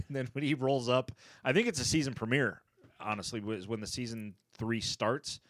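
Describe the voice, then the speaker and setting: A man co-hosting a casual podcast chat, retelling favorite comedy scenes and acting out the characters' lines with big pitch jumps and laughs. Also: no echo. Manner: animated, acts out quotes with pitch jumps and laughs. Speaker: podcast co-host. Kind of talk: casual chat, ranking favorite sitcom moments.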